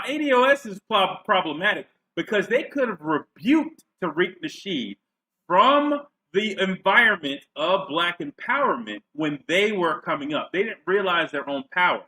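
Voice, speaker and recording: Bright-voiced sarcastic man ranting. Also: high voice, big pitch swings, a little slow, rough recording. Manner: sarcastic, profane, mocking. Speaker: commentary vlogger. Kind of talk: mocking commentary rant. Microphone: clipping mic held away from face.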